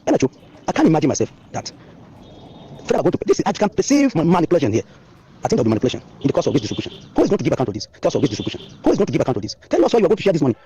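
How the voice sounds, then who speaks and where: A man's voice: on the high side, huge pitch swings, rapid-fire, mellow, dull audio, slight background noise. A Nigerian man calling a radio show, giving earnest advice and quoting scripture. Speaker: radio caller. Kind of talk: preachy call-in.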